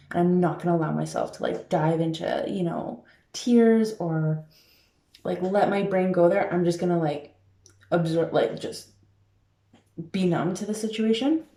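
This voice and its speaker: A woman's voice: on the low side, gravelly, dark tone. A woman life coach giving emphatic advice to camera in a casual way, with many filler words. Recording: roomy echo.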